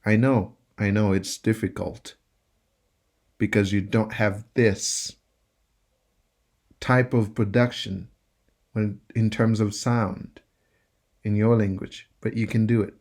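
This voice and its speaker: Male tutor, unhurried, repeats words patiently for learners. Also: on the low side, fairly even intonation, darkish tone. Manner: drills each word by repeating it slowly. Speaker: French teacher. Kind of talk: slow pronunciation lesson.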